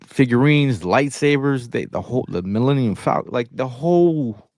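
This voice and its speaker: A man's voice: medium pitch, lively intonation, moderate pace, a little mellow, no echo, clean studio sound. A man co-hosting a casual podcast, telling stories emphatically and repeating himself as he goes. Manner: storytelling, emphatic, repeats phrases. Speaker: podcast co-host. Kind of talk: casual sports podcast banter.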